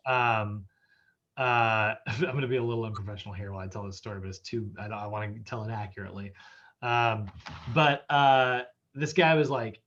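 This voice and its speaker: A man's voice: on the low side, fairly even intonation, fairly quick, fairly bright tone, lo-fi sound. A man teaching a casual online nutrition lecture over a video call, chatty and full of fillers, often laughing. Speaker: fitness nutrition instructor.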